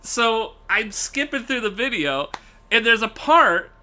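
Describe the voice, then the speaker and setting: Male streamer, high and very bright, animated profane rant to live chat. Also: unhurried. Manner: animated, profane, laughing often.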